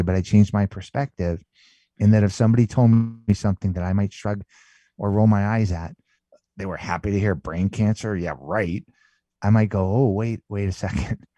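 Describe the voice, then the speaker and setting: Male guest author, deep mellow voice, emphatic storyteller who repeats himself and keeps asking "right?", dry close sound. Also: no room sound. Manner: emphatic, repeats words, says "right?" and "man". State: emotional while telling story. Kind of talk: conversational storytelling.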